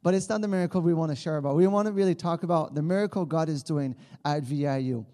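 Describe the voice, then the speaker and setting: Speaking fast in a voice on the high side, this man in his thirties delivers an earnest church talk as a campus missionary, restarting often. He's a native French speaker from Quebec with a Quebec French accent, and his mellow tone carries a big-room sound.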